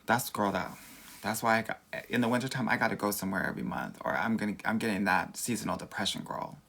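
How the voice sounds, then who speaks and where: Quick-paced and lowish, with vocal fry and a bit of brightness, a man with a Valley accent from Southern California chats on a livestream as a dating coach. He reads the comments in a sassy, campy way, calling everybody "girl."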